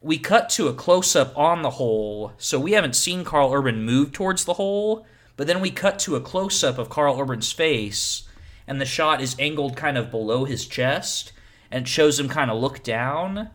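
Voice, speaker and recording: A man chatting on a casual film podcast, picking apart a movie's editing. He talks in quick, playful bursts and gets animated when he makes a point. His pitch sits in the middle range for a man. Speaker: podcast co-host. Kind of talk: casual film-criticism chat.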